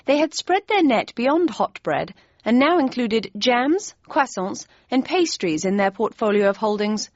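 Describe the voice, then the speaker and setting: A woman narrates a book in first person with a dry, wry tone and a medium pitch. The room is dead with no echo, and the sound is a bit dull. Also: sing-song, unhurried. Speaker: audiobook narrator. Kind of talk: scripted narration.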